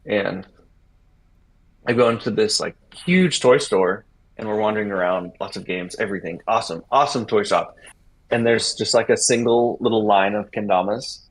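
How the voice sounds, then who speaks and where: Husky man telling a rambling story. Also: on the low side, normal speed, low-quality recording. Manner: rambling, animated retelling with acted-out quotes. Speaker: interview guest. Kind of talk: casual storytelling in an interview.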